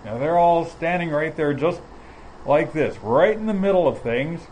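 A man teaching from the Bible in a measured, explanatory way, often pausing mid-phrase. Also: fairly high pitch, animated, darkish tone, a little hiss or hum, rough recording. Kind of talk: sermon.

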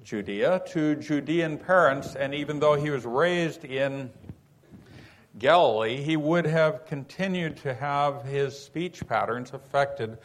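A man, raised in California, teaching a Bible passage in an unhurried, folksy sermon full of "you know" asides. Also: a little high. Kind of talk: conversational sermon.

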